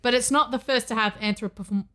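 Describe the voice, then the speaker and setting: A woman co-hosting a casual podcast, making wry quick asides. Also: fairly high pitch, a bit bright. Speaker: podcast co-host. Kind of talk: casual chat.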